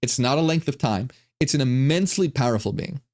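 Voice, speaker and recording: A man giving casual, irreverent commentary on ancient texts, animated and full of stumbling restarts. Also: mid-range voice, brisk. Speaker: online religion commentator.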